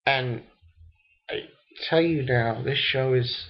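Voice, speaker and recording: A young man reviewing an anime episode in a casual, rambling rant, cursing freely and breaking into shrill disbelief. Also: slow, highs cut off. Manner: excitable and profane, rambling, jumps into shrill disbelief.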